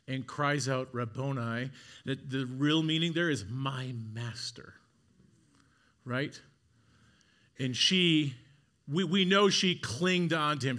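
A man preaching a sermon, retelling a scripture story dramatically, dropping to a hush and then building to emphatic repeated phrases. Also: medium pitch.

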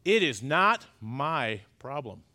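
A middle-aged male pastor preaching a sermon, emphatic, swinging between loud urgent stresses and quiet confiding asides. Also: mid-range voice, very animated, slow pace. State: choked up.

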